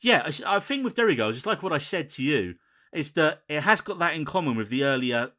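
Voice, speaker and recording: Bright-voiced podcast host. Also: male voice, on the high side, big pitch swings, fairly quick. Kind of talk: casual chat.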